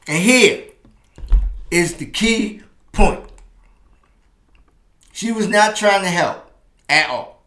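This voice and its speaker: A man in his fifties hosting a relationship advice channel, telling a personal story in an animated way that turns slower and more reflective. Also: high-pitched. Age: 50s. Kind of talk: personal storytelling monologue to camera. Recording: roomy echo.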